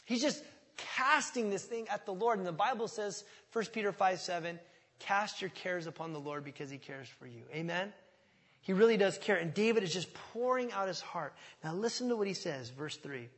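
A man's voice: sits high, animated, normal speed, a bit bright. A middle-aged man preaching a sermon as pastor, impassioned and often rising to emphatic outbursts.

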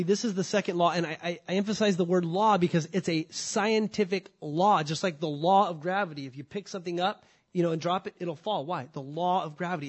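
Male pastor, higher voice, emphatic sermon delivery, lots of rhetorical questions and repetition. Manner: repeats key points for stress.

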